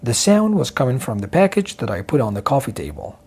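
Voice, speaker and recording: A man narrating a dramatic first-person story with a husky voice and expressive delivery. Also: medium pitch, a little fast.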